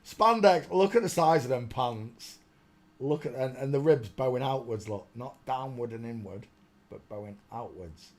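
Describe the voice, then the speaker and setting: A man's voice: medium pitch, animated, moderate pace. A man hosting a casual live stream, chatty and exclaiming, muttering to himself as he searches.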